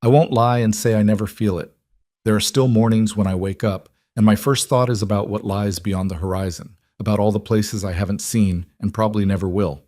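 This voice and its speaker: A devoted young frontier husband with a deep, low voice, as a man plays him. He talks sincerely and earnestly in a storybook western, recorded dry. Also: steady tone, a little fast, warm tone, no room sound, lightly acted. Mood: tender.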